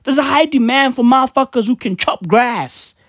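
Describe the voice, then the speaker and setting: A woman's voice: high-pitched, normal speed, no echo, studio quality. A woman with a South African accent, ranting casually on a vlog with heavy swearing and slang. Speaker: vlogger. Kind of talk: profane casual rant.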